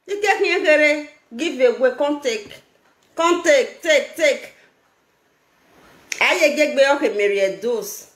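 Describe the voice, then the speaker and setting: Nigerian woman on a live vid, high bouncy voice, laughs a lot, echoey room. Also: takes it slowly, pauses often. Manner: animated, laughing, pidgin-mixed talk. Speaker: social media vlogger. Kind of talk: casual live video chat.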